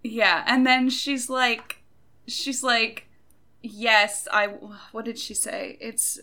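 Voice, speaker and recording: A woman in casual conversation about a novel, slow and relaxed, laughing along. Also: on the high side. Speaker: podcast co-host. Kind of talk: casual book discussion.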